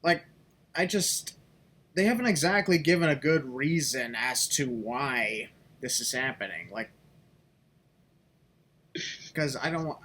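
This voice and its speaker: A man's voice: mid-range voice, animated, takes it slowly, pauses often, a bit bright, a little hiss or hum. A man hosting a podcast in casual, joking, rambling chat. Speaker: podcast host.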